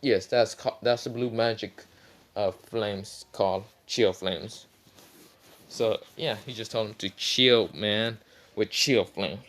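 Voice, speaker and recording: A man's voice: on the low side, takes it slowly, fairly bright tone. A man casually retelling a fan story, rambling with many fillers and some swearing.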